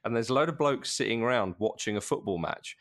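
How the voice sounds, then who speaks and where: A man talking about a film in a casual podcast chat, lively and full of restarts. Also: medium pitch, fast. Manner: animated, with many restarts and laughs. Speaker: podcast co-host.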